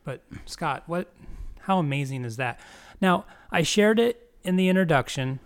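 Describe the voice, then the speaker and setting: A man's voice: on the high side, expressive, moderate pace. A man hosting a talk show, speaking hesitantly with many fillers and repeating words for emphasis. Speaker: host. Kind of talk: casual chat.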